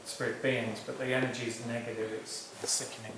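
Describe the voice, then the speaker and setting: A man with a mid-range voice describes psychic impressions hesitantly and carefully. His voice rings in an echoey room over clear background noise. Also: medium pitch, flat delivery. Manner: hesitant, measured. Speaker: medium.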